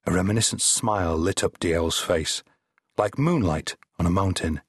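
A male audiobook narrator reads scripted narration in a wry, measured storytelling manner. His low, husky voice has a wide, lively pitch range, recorded dry and close with no room sound.

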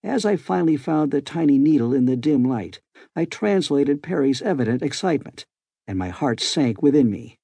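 A male narrator reads an old adventure novel in a measured, formal cadence. His voice is husky and mellow with a relaxed warmth, and the close studio recording is dry with no room sound. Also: medium pitch, dry recording. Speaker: audiobook narrator. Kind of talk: scripted narration.

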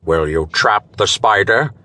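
A man's voice: fairly low pitch, expressive, measured pace, sharp tone. A man voicing a stern, commanding police commissioner in an audiobook. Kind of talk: audiobook character voice.

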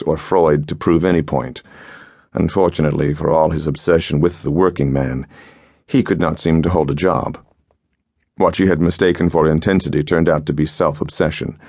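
A male audiobook narrator with an extremely low, deep voice, reading a story in a measured and steady way. The sound is close and dry, with no room around it. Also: no echo. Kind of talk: scripted narration.

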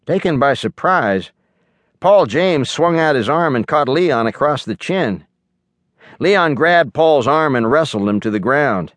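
A man narrates an audiobook in a measured, storytelling manner at an ordinary mid pitch. He is recorded close on a studio mic, and the sound is very dry. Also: lively intonation, no echo. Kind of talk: scripted narration.

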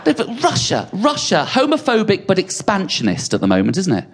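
Middle-aged male stand-up, higher than usual pitch, lively swooping delivery, self-mocking stories with audience asides. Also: normal speed, a crowd in the background. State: sweating on stage. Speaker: stand-up comedian. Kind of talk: stand-up comedy performance. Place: comedy venue with a live audience.

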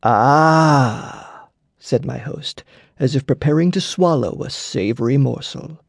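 A man narrating an audiobook story in an unhurried storytelling manner. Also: mid-range voice, gravelly, warm tone, slightly rough, no room sound, clean studio sound. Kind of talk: scripted narration.

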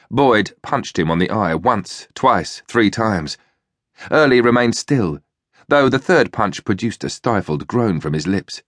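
A man with a fairly low voice reading a thriller audiobook. His delivery is measured and steady, recorded dry and close. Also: no room sound. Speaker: audiobook narrator. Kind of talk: scripted narration.

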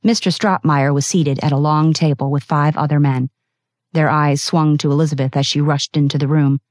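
A woman narrating a novel as an audiobook, reading in a steady, expressive way. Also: sits low, normal speed, no room sound, studio quality. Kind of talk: scripted narration.

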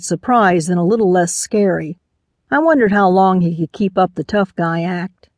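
A woman's voice: fairly low pitch, normal speed, a little mellow, dry recording. A woman narrating a first-person mystery audiobook, lending voices to the characters.

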